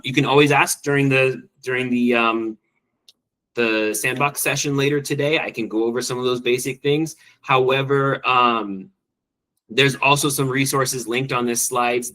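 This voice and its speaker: A man teacher presenting an online spreadsheet training, quick and enthusiastic, with frequent ums and restarts. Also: mid-range voice, sharp tone, low-quality recording.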